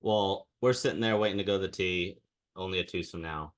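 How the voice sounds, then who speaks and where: A man's voice: deep voice, brisk. A young man and podcast co-host telling a ranting story in casual chat, mimicking the people he quotes.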